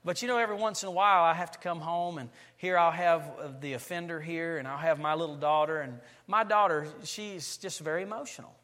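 A man in his forties, a pastor preaching a sermon in a church sanctuary and telling family stories with lively, acted-out delivery. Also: a little high, fairly quick, few pauses, in a large hall. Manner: animated storytelling preacher, acting out family scenes.

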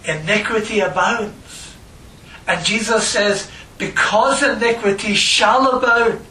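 A man preaching a sermon and reading scripture, slow and emphatic, repeating phrases for stress. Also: high-pitched, lively intonation, bright, forceful tone, slight background noise. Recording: echoey room, voice from a distance.

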